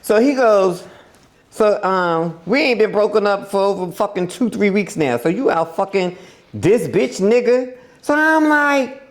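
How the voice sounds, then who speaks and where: A woman's voice: mid-range voice, animated, moderate pace. A woman podcast host telling a story in casual, profane chat, acting out quotes and laughing often.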